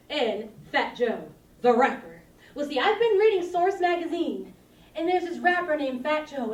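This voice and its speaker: A woman playing a lonely, awkward seventh-grade girl who rambles and giggles self-consciously while confiding to her camcorder. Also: sits high. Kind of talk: confessional monologue to a camcorder. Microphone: camcorder mic. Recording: roomy sound from a distance.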